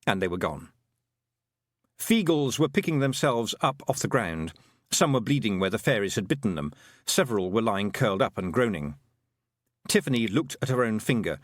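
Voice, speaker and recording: A man narrating an audiobook with expressive storytelling. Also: on the low side, normal speed, dry recording, studio quality. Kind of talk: scripted narration.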